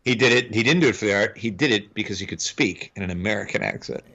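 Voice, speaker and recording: A man's voice: lowish voice, quick pace, bright, forceful tone. A man co-hosting a film podcast in casual chat, rambling with restarts and easy laughs. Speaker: podcast co-host. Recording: slightly dull lo-fi audio.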